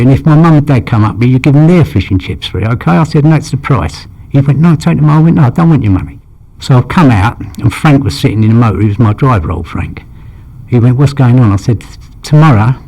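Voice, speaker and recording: With a husky, dark, mid-range voice, an older male interviewee tells long stories of his past in a rambling style. He acts out quoted dialogue and says "you know" a lot.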